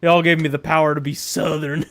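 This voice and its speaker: Joking, higher-voiced male streamer. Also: little pitch movement, a little fast, fairly bright tone. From Europe. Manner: joking, rambling, laughs often. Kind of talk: casual gameplay commentary.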